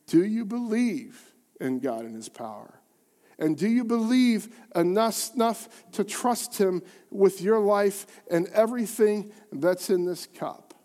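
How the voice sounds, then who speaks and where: A man preaching a sermon as pastor, telling a story dramatically with rhetorical questions and swings between quiet and loud. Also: sits high, animated, unhurried.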